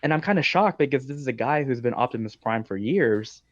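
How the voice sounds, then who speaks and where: A man's voice: medium pitch, expressive, brisk, dry recording. A man hosting a podcast, telling long stories in a casual, talkative way with frequent ums and likes. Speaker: podcast host. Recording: dull dry lo-fi sound.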